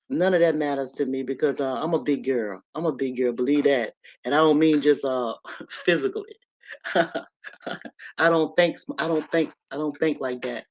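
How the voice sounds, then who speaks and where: A woman's voice: low voice, darkish tone, muffled recording. A woman hosting a casual livestream, telling a story and preaching to her viewers, with in her speech. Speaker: livestream host. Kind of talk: casual live-stream monologue.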